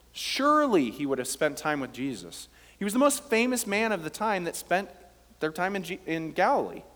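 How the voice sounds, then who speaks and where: Man, pastor, sermon, lively pitch, long hall reverb. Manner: animated, rising emphasis on key words.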